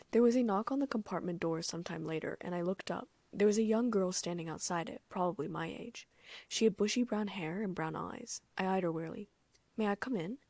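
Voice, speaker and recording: A woman reading a first-person fan fiction audiobook in a soft, often near-whispered voice. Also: fairly low pitch, gravelly, no echo. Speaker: audiobook narrator.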